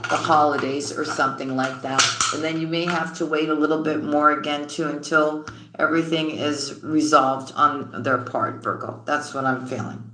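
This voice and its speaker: A woman's voice: sits low, fairly even intonation, moderate pace, echoey room, background noise. A woman giving a tarot reading, chatty and affectionate, calling her viewers sweetheart and honey. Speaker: tarot reader. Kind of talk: tarot reading and livestream shout-outs.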